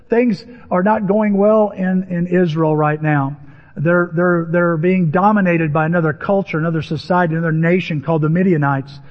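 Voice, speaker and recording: A pastor with a high-pitched voice delivers a lively, conversational sermon. His voice rings with a long hall reverb, and the recording sounds dull and muffled. He slips into acted-out voices as he tells stories. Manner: animated, acts out biblical voices with rising pitch.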